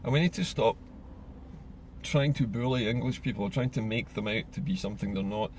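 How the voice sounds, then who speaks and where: Gravelly-voiced man, earnest political talk. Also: lowish voice, darkish tone, a little hiss or hum. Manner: earnest, measured, explaining. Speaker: political commentator. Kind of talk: solo opinion monologue.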